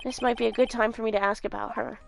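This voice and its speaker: A woman voicing a flustered young male defense lawyer, reading game dialogue aloud in a hesitant, stammering, lowered voice. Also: fairly even intonation, fast talker, vocal fry. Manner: hesitant, stammering, low put-on voice.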